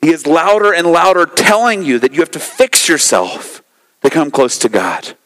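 A man's voice: a little high, expressive, moderate pace, a bit bright, big-room sound, rough recording. A male pastor giving a sermon, emphatic and repeating key phrases for effect.

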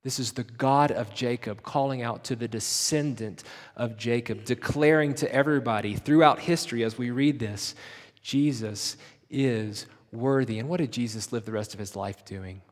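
A man preaching a sermon with passion, rising to loud emphasis and dropping to hushed, intimate lines. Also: medium pitch, normal speed, in a large hall. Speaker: pastor.

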